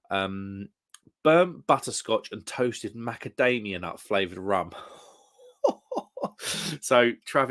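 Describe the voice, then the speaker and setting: A British man in relaxed live-stream chat, talking at a middling pitch. He is chatty and easygoing. He reads viewers' comments aloud and chuckles often as he goes.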